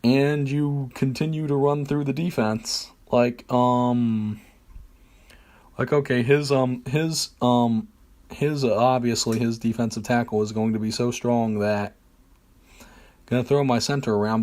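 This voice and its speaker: Casting: male game streamer, unhurried, full of ums and self-mockery, mid-pitched. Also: darkish tone. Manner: rambling, hesitant, many fillers, self-deprecating. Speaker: streamer playing a football video game. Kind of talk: casual gameplay commentary.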